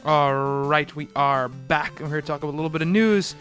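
A man's voice: fairly high pitch, a little fast, loud music behind the voice. A man co-hosting a comics podcast in casual chat, rambling with frequent ums and restarts. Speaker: podcast co-host.

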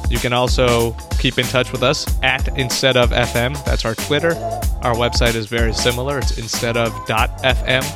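A man's voice: medium pitch, flat delivery, normal speed, music in the background. A young man hosting a podcast, joking and laughing often in casual chat. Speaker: podcast host.

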